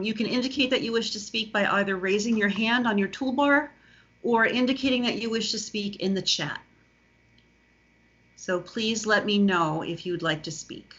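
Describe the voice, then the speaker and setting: A woman's voice: medium pitch, a bit bright. A woman chairing a remote public board meeting, polite and procedural with frequent ums. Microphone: video call. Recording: lo-fi video call audio.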